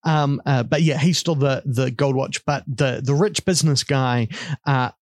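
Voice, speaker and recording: A man's voice: medium pitch, normal speed, a little hiss or hum. A man co-hosting a casual chat show, talking loosely with fillers and frequent laughs. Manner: chatty, laughs often, hesitant fillers. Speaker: podcast co-host.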